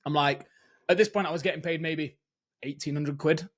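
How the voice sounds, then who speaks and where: A man's voice: a little high, steady tone, moderate pace. A man hosting a podcast, telling candid anecdotes and swearing casually. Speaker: podcast host.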